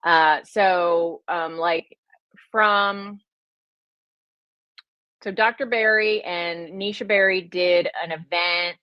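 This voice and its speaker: A woman's voice: on the low side, steady tone, slow pace, pauses often, dry recording, dull audio. Chatty woman with a slight Southern twist. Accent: slight Southern American twist. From United States. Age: middle-aged. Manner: chatty, self-deprecating, rambling with fillers. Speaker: health and wellness coach. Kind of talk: casual livestream chat.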